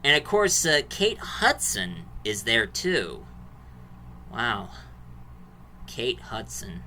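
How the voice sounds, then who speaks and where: Brief: male movie reviewer, casual and rambling, very bright, cutting tone. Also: medium pitch, huge pitch swings, very slow, a little hiss or hum. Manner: rambling plot recap, restarts and fillers.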